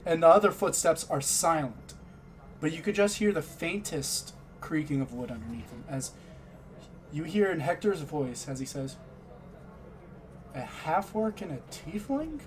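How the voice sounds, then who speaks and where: High-voiced man narrating a tabletop game. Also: moderate pace, a little hiss or hum. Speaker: game master.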